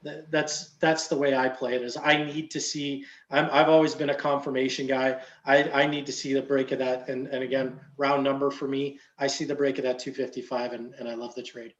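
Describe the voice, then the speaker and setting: A man's voice: mid-range voice, level tone, fairly quick, hardly any pauses, a bit bright, echoey room, muffled recording. A man coaching stock trades in casual chat, explaining in a loose way with many fillers. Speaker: trading coach.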